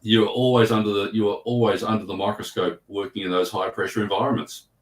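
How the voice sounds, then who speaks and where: A man's voice: fairly low pitch, level tone, fast talker, roomy sound, recorded from a distance. A man speaking as a physiotherapist guest in a casual interview, earnest with a dry sense of humor.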